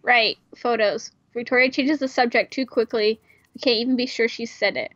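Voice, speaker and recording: A woman's voice: a little high, steady tone, normal speed, a bit bright, no room sound, dull audio. A woman reading a visual novel aloud in a casual way, breaking off for irreverent, swearing asides. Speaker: player reading a game aloud.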